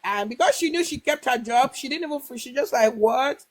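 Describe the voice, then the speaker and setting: A woman's voice: sits high, animated, fairly quick, poor audio. Rambling woman retelling a story to live viewers. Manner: rambling, with many fillers and restarts; acts out quoted dialogue. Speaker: livestream host.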